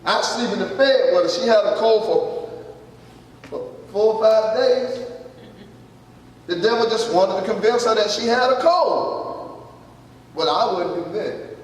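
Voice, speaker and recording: Preacher man, high voice, chatty folksy sermon, far off mic in a big echoey church. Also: slow pace, pauses often. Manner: folksy, conversational preaching, with rhetorical questions to the congregation. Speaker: pastor. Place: church hall.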